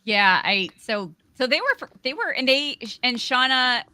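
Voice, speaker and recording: A woman's voice: sits high, very animated, measured pace, sharp tone, clear, resonant tone, dry recording. A woman guest host in casual chat, hesitant and restarting her sentences.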